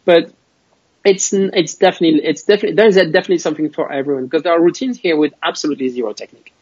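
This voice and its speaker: French-accented male guest, slightly high husky voice, dry lo-fi audio, animated and quick to laugh. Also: no room sound. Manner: animated, laughs often, restarts sentences. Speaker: guest magician. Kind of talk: live video interview chat. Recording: dull lo-fi dry sound.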